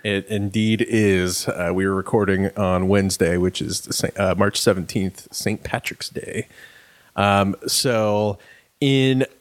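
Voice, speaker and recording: A man's voice: low voice, steady tone, a little slow. A middle-aged man, co-hosting a casual podcast, rambling with many fillers and restarts and laughing easily. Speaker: podcast co-host. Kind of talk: casual chat.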